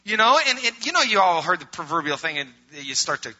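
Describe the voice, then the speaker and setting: A middle-aged male pastor preaching a sermon, swinging from loud emphatic preaching to quiet conversational asides. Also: high voice, very animated, a little fast. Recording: muffled lo-fi recording.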